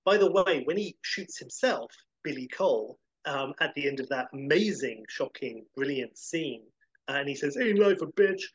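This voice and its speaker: Husky man, enthusiastic rambling chat. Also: mid-range voice, moderate pace, lo-fi sound. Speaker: podcast co-host. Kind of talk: casual film podcast chat.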